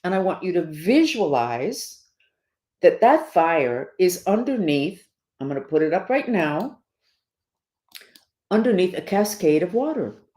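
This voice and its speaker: A woman's voice: on the low side, sing-song, a little slow, long pauses, warm tone. A middle-aged woman with the hiccups, hosting a podcast and talking emphatically and preachily to her listeners. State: has the hiccups. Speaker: podcast host. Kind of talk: casual spiritual talk to listeners. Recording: roomy echo.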